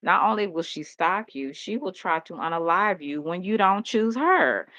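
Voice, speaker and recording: Low-voiced woman chatting candidly. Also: animated, normal speed, bright, forceful tone, no echo. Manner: candid, rambling, laughs often. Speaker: host. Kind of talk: casual chat. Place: home.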